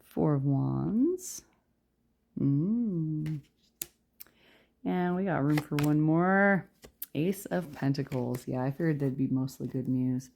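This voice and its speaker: A woman's voice: deep voice, takes it slowly, creaky, pauses often, darkish tone, slight background noise. A woman giving a chatty pick-a-card tarot reading, tired and yawning, joking at her own slips and laughing often. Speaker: tarot reader.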